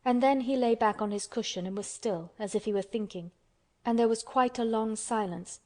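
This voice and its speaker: A woman narrating an audiobook in a calm, measured way. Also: fairly high pitch. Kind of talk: scripted narration.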